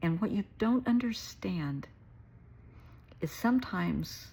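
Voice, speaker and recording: A middle-aged therapist speaks directly to camera in a heartfelt, warm, earnest and emotional way, calling her viewers "sweetheart." Her medium-pitched voice is slow and gravelly with a breathy edge and lively intonation.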